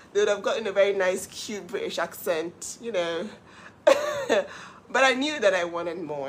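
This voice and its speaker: A middle-aged woman hosting her own live stream, telling her story with animated emphasis. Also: medium pitch, slight background noise. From Nigeria. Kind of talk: casual live-stream monologue.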